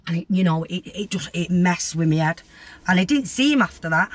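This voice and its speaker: A woman's voice: fairly low pitch, animated, brisk. Brief: young woman, interview guest, blunt and vivid storyteller. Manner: blunt, vivid storytelling that acts out voices, with swearing.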